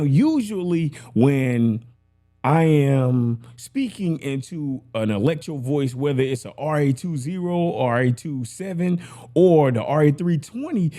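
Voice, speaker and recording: A man's voice: a little high, warm tone. A man hosting a casual gear demo, chatty and rambling, talking into a broadcast mic and often asking if you follow him. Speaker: podcast gear reviewer host. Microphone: broadcast dynamic mic with headphones.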